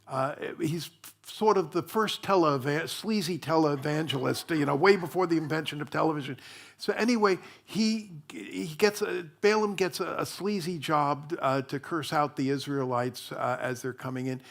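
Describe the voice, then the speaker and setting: A minister giving a sermon in a chatty storytelling way, full of fillers and restarts. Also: male voice, on the high side, normal speed, vocal fry.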